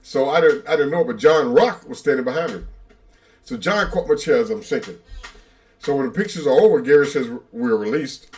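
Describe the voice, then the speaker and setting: A man's voice: mid-range voice, brisk. A man co-hosting a livestream, telling a long funny story in casual chat and laughing as he goes. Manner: animated, laughs while telling stories. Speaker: livestream co-host.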